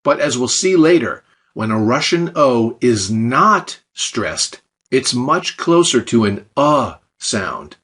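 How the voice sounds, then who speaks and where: A man's voice: mid-range voice, sing-song, slow pace, a bit bright, slightly rough. A man narrating a scripted language lesson, explaining step by step with light, dry jokes. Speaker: language teacher.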